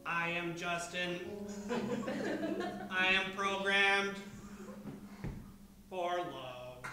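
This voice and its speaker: A performer playing a lonely male robot who is programmed for love and speaks in a stiff, halting monotone. It is live improv theatre on stage. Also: mid-range voice, music in the background. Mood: self-pitying. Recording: very echoey live theatre from far off.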